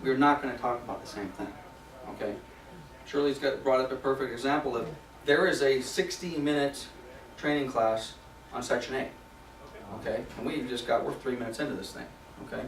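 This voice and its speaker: A man's voice: medium pitch, normal speed. A man leading a property management training class in a conversational way, repeating key points for emphasis. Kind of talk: recorded training class for agents. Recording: echoey room from a distance.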